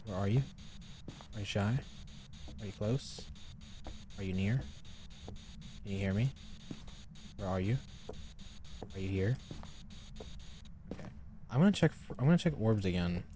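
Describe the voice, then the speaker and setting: Male game streamer, lowish mellow voice, chatty live commentary at a desk mic, grumbles about updates. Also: animated, unhurried, pauses often, slight background noise. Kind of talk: casual live gameplay commentary.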